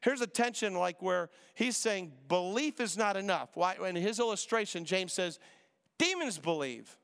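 Male pastor, slightly high gravelly voice, animated sermon delivery, long hall reverb. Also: normal speed. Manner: animated preacher, acts out voices in quotes, repeats himself.

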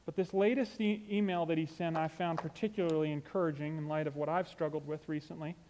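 Earnest conversational preacher, man, higher pitch. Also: fairly even intonation, fast, darkish tone, long reverb tail, slight background noise. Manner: conversational and earnest, with asides like "you know". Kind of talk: sermon.

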